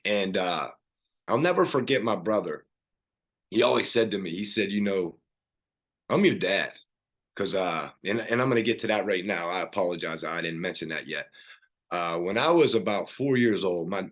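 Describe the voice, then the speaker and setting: Middle-aged man, low voice, earnest podcast guest recounting his past with fillers and restarts. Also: expressive, fairly quick, fairly bright tone. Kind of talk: personal story in casual conversation.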